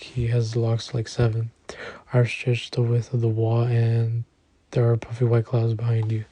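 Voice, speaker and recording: A man narrating an audiobook in the first person, with a steady, even delivery. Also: on the low side, no echo. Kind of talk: scripted narration.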